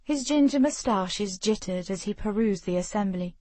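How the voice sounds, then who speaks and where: Brief: even woman narrator, mid pitch, dry close mic. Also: moderate pace, dry recording. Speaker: audiobook narrator. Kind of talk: scripted narration.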